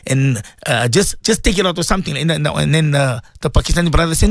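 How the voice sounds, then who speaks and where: A man hosting a live radio show, talking earnestly to his listeners, repeating himself and breaking into animated quoted voices. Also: on the high side, quick pace, no room sound, studio quality. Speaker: radio show host and religious teacher.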